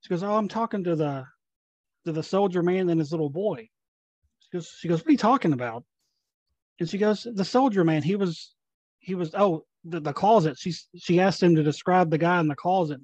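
A young man from Tennessee, a paranormal investigator, telling ghost stories in a casual, animated way and acting out the dialogue. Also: a little high, fairly quick, no echo, dull audio. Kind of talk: casual storytelling.

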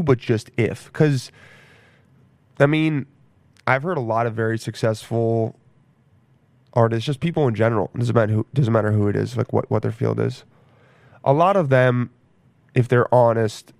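A man's voice: medium pitch, a little mellow, dry recording. A young man rambling casually in a profane, self-mocking monologue as a podcast host.

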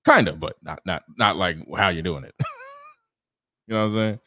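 A man's voice: deep voice, normal speed, fairly bright tone. A man co-hosting a podcast in casual chat, blunt and profane, often laughing at his own jokes. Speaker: podcast co-host.

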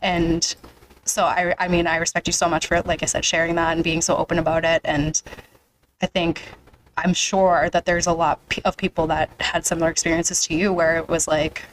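A woman's voice: lowish voice, little pitch movement, normal speed, slight background noise, rough recording. A young woman hosting a podcast, chatting casually and emotionally, with a lot of "like" fillers. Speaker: podcast host. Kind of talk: casual interview chat.

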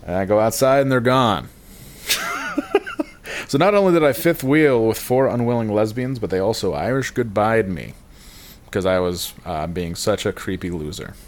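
A man with a low voice tells a comic story on a podcast. He rambles, swears casually and laughs at his own expense. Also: normal speed. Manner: rambling, self-deprecating, profane, often laughing. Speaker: podcast guest telling a story.

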